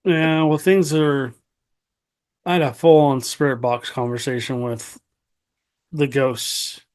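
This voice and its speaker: A man's voice: medium pitch, fairly even intonation, slow pace, a little mellow, smooth. A man hosting a podcast, prompting his guest with brief, encouraging interjections. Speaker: podcast host. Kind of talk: casual interview.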